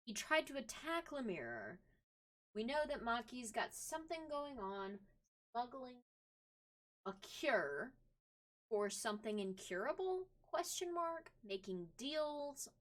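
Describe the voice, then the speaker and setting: A woman's voice: on the high side, sing-song, slow pace. A woman streamer giving casual let's-play commentary, emotional and thinking aloud, swearing now and then. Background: game music.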